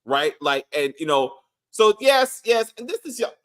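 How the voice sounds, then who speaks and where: A man's voice: sits high, big pitch swings, moderate pace, a bit bright. A man co-hosting a casual TV review, talking animatedly and acting out characters' lines. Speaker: show co-host.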